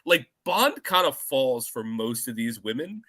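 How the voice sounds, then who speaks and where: A man co-hosting a casual film podcast, animated, laughing often and swearing casually. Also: mid-range voice, unhurried. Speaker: podcast co-host.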